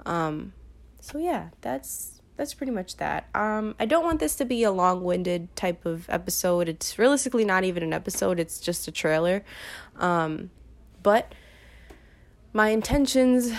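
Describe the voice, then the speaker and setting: A nineteen-year-old woman from Brooklyn, hosting her own podcast in an unscripted monologue full of ums and restarts. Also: on the low side. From Brooklyn, New York. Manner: rambling, unscripted, many ums and self-corrections. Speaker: podcast host. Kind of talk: casual solo podcast monologue.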